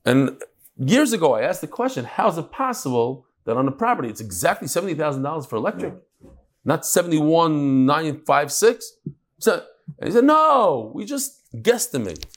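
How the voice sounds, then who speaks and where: Animated man giving a lively Talmud lecture. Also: a little high, a little fast. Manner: animated, joking storyteller acting out quoted speakers. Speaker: Talmud teacher. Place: lecture room with live audience. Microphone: microphone.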